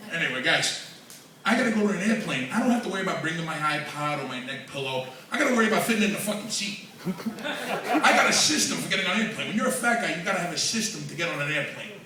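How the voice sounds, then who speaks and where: A man's voice: high-pitched, very animated, fast, crowd noise. A man doing a profane, self-mocking stand-up comedy set at an open mic. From New York. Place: comedy club open mic, large room. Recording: echoey room from far off with noise.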